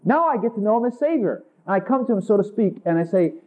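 The sound is tinny and phone-like as a man preaches intimately at a quick pace, his delivery animated. He dramatizes exchanges with Jesus, raising his voice higher for them.

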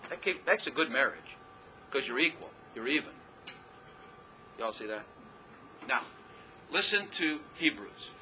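Bright-voiced folksy male pastor. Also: mid-range voice, sing-song, measured pace, pauses often, slight background noise, low-quality recording. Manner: folksy, rambling, laughs at himself. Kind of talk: sermon.

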